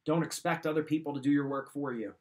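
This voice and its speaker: A man's voice: fairly high pitch, fairly even intonation, fast talker, darkish tone. A man hosting a motivational talk, giving life advice in a direct coaching manner and repeating his key points.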